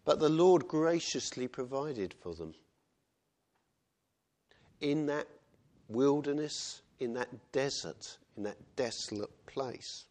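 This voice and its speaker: A man's voice: medium pitch, expressive, slow pace, long pauses, a little mellow. A man preaching a sermon in a conversational way, often asking "isn't it" and acting out quotes. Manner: conversational, with tag questions and acted quotes.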